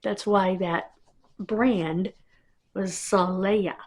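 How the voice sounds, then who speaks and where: A woman's voice: medium pitch, steady tone, extremely slow. A woman vlogger talking to camera in a casual, rambling monologue that wanders between tangents.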